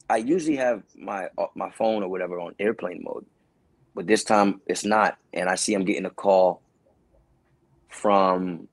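A man's voice: lowish voice, no room sound. A man from Brooklyn, telling casual, slangy stories as an actor guest. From Brooklyn, New York. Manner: animated, slangy, acts out voices. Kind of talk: casual storytelling.

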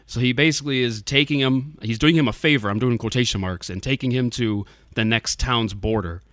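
A man's voice: mid-range voice, brisk, fairly bright tone, dry recording, clean studio sound. A man hosting a podcast, telling stories in a laid-back, loose way. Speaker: podcast host. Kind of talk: casual chat.

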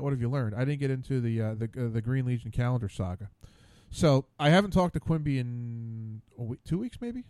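A man's voice: mid-range voice, darkish tone, no room sound. A man hosting his own radio show, rambling casually alone at a studio mic, stammering and repeating words in exasperation.

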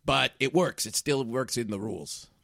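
A man voicing a scheming, bumbling male manager who rambles and bursts into shouting. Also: mid-range voice, moderate pace, vocal fry, no room sound, studio quality.

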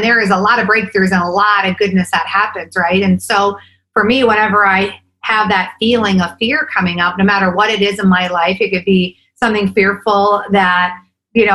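A woman's voice: medium pitch, pushed and bright, low-quality recording. A woman in her forties, a podcast guest talking casually and eagerly, often tagging her points with "right?". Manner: enthusiastic, fillers like "right?" and "like". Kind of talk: casual interview chat.

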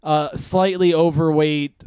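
Clear-voiced man bantering crudely. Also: a little high, fairly even intonation, takes it slowly, darkish tone, no room sound. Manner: crude, rambling, filler-heavy. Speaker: podcast co-host. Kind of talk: casual comedic banter.

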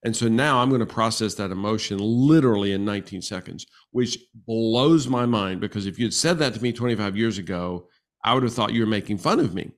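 Animated low-voiced man in his sixties. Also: fairly quick. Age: 60s. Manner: animated storyteller, acts out quoted exchanges. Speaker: guest, relationship coach. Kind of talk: casual podcast conversation.

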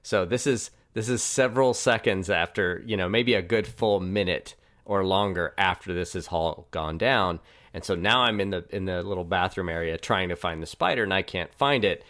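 A man's voice: sits low, normal speed, a bit bright. A man in casual chat, earnestly giving his side of the story.

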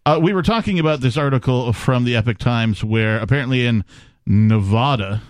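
A man's voice: medium pitch, moderate pace, no echo. A man hosting a talk radio show, bantering in a jokey, laid-back way. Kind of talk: casual talk radio chat. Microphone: studio microphone.

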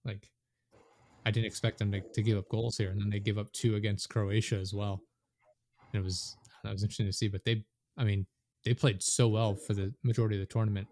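A man's voice: fairly low pitch, level tone, quick pace, a little mellow, no room sound. A man chatting casually about soccer, rambling and swearing when annoyed.

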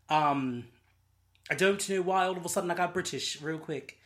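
A young adult hosting a solo podcast in an excitable, rambling way, full of slang and swearing. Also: mid-range voice, normal speed. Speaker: podcast host. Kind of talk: casual solo podcast chat.

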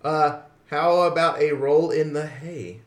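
Relaxed co-host, mid pitch, filler-heavy, echoey room. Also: slow. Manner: relaxed, lots of "like" and laughs. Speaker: podcast co-host. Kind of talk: casual chat. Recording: roomy echo.

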